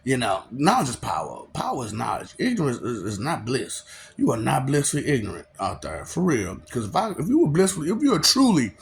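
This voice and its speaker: A man's voice: medium pitch, huge pitch swings, brisk, creaky, a little hiss or hum. A man in a casual, preachy monologue, chuckling often and asking rhetorical questions. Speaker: vlogger.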